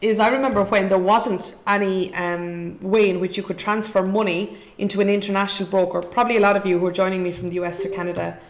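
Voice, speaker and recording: A woman's voice: medium pitch, fairly even intonation, fast, few pauses, roomy sound. An Irish woman hosting a live investing show, upbeat and chatty as she reads out viewer comments. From Ireland. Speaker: show host.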